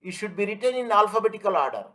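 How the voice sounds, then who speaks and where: A man's voice: sits high, big pitch swings, very fast, pushed and bright, low-quality recording. A man teaching an online class, repeating his points and asking students if they follow. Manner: everyday analogies, emphatic. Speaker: lecturer.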